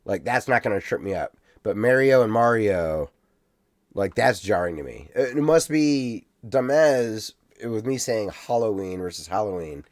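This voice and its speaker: Lively Ohio-accented man, podcast co-host, casual chatter, dry room. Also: on the low side, normal speed, few pauses, no room sound. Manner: chatty, reads listener comments aloud, laughs easily.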